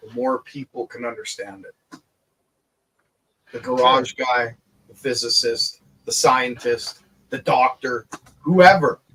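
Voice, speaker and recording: A man, an inventor, talking in a relaxed group video chat, animated and quick to laugh and swear. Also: medium pitch, a little hiss or hum. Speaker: inventor and show guest.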